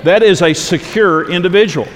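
A man's voice: high voice, moderate pace, in a large hall. A man preaching a sermon, earnest and repetitive for emphasis, reading scripture aloud to a congregation. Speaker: pastor.

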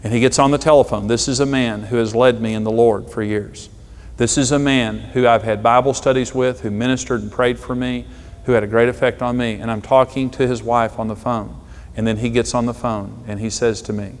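Middle-aged male pastor, mid-pitched, preaching emphatically and telling stories, in a large echoing hall. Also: fairly even intonation. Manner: emphatic preaching, storytelling with dramatic pauses. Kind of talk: sermon. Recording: long hall reverb.

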